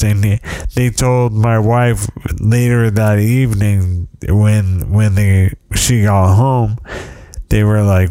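Slow, wry storytelling man, dry sound. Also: on the low side, steady tone, warm tone, no room sound. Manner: rambling, wry, with frequent restarts. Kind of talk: casual storytelling monologue.

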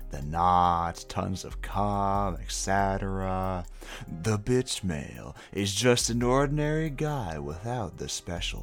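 A man hosting a comedy show, reading listener requests aloud in a dry voice that jumps into loud bursts. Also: low-pitched.

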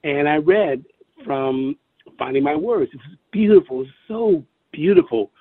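Man talking haltingly over a phone line. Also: on the high side, animated, no room sound. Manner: halting, hunts for words, repeats himself. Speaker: interview guest. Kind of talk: personal recollection over the phone. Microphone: telephone.

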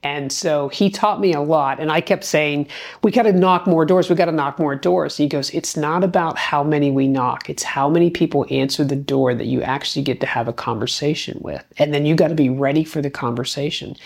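A middle-aged woman hosting a talk show, telling a personal story in a conversational, energetic way and acting out the dialogue she quotes. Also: deep voice, a little fast, vocal fry, hardly any pauses. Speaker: podcast host.

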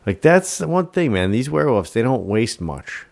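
A man's voice: mid-range voice, big pitch swings, normal speed, vocal fry, a little mellow. A man co-hosting a podcast, recapping a film in a rambling, profane casual chat. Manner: rambling, swears often, tries silly accents.

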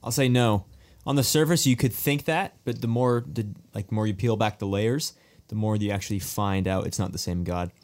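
A man's voice: on the low side, normal speed, a little mellow. A man speaking casually in a church panel discussion, often chiming in with short agreement. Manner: agreeable, frequent short affirmations.

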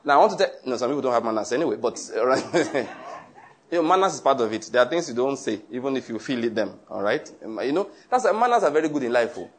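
A man's voice: mid-range voice, expressive, fast, a little hiss or hum. A man preaching a sermon, reading scripture aloud and explaining it in an earnest, conversational way with asides. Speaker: pastor.

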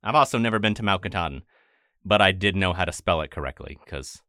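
A man from Maine chatting casually as a podcast guest, quick and joking, with a habit of swearing. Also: low voice, animated, pushed and bright, dry recording, clean studio sound. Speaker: podcast guest, audio editor. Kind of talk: casual chat.

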